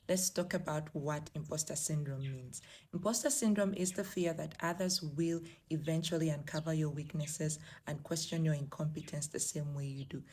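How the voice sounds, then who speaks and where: A woman's voice: deep voice, darkish tone, a little hiss or hum. A young woman from Africa giving emphatic, encouraging career advice straight to her viewers in a vlog. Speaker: remote work vlogger. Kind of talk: direct-to-camera advice vlog.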